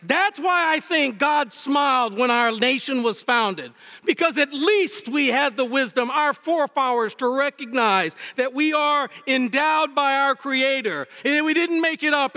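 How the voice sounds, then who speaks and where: A man preaching a sermon as pastor, with impassioned delivery that swings between fervent highs and low, emphatic lines. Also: sharp tone. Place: church sanctuary. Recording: long reverb of a church hall. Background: hall reverb.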